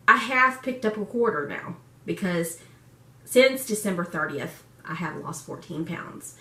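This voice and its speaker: A woman's voice: medium pitch, normal speed, bright, forceful tone. A woman in her forties talking candidly and emotionally in a personal vlog, laughing often as she speaks. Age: 40s. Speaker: vlogger. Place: room in a home. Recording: echoey room, far from mic.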